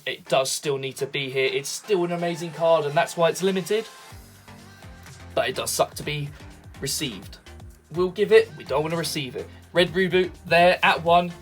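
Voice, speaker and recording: Hyped-up man hyping a card deck. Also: high-pitched. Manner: excitable, salesy, hypes everything. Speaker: card game deck reviewer. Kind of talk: hyped solo video commentary.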